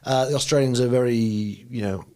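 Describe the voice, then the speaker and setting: A man's voice: medium pitch, fast, darkish tone. A man co-hosting a podcast, casually introducing clips and chatting. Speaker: podcast host. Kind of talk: casual chat.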